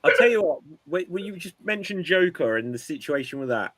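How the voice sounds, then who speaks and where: A man's voice: fairly high pitch, sing-song, a little fast, a bit bright, no room sound. A man hosting a casual podcast chat, telling things in an emphatic, storytelling way. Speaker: podcast host.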